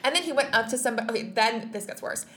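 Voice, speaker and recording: A woman's voice: fairly high pitch, rapid-fire, sharp tone. A young woman co-hosting a casual podcast chat, telling stories with sarcasm and frequent swearing. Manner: sarcastic, profane storytelling. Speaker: co-host, entertainment reporter.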